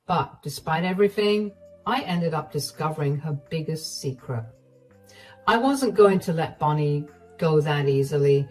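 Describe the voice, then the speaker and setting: A woman narrating a first-person story in a steady, matter-of-fact way. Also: on the low side. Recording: distant voice, faint music.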